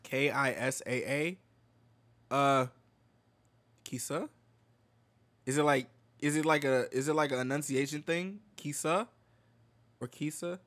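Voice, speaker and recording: Male streamer, bright lively voice, unhurried, laughs and swears a lot while reacting to clips. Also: on the high side. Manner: excitable, laughs often, swears freely; fumbles names and apologizes. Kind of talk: casual reaction commentary.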